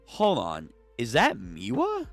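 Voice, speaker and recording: A young man hosting a casual manga read-through, reacting out loud, swearing and tripping over names. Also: mid-range voice, huge pitch swings, takes it slowly, vocal fry, soft background music. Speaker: channel host reading manga aloud.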